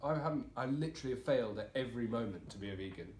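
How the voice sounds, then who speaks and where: A man's voice: mid-range voice, lively intonation, very fast, darkish tone. A man in his twenties co-hosting a podcast, joking around playfully in casual banter. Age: 20s. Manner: playful, jumps into silly bits and banter. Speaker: podcast co-host. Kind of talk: casual comedic chat. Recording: roomy echo with faint noise.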